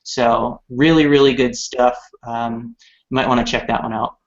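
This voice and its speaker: A man's voice: mid-range voice, fairly even intonation, moderate pace. A man in his thirties chatting casually and upbeat about products as a company representative on a live show, with many fillers. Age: 30s. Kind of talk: live-streamed product chat. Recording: dull lo-fi stream audio.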